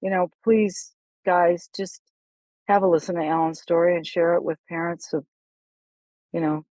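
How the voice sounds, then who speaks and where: A middle-aged woman, a golf instructor, telling stories animatedly in a casual podcast chat, with quick asides and restarts. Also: lowish voice, steady tone, dark tone, no room sound, rough recording.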